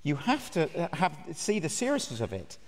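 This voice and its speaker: A man's voice: fairly high pitch, wildly swooping pitch, moderate pace. A man preaching a sermon at a conference, earnest and emphatic, putting direct questions to his listeners. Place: large conference hall. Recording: reverberant hall.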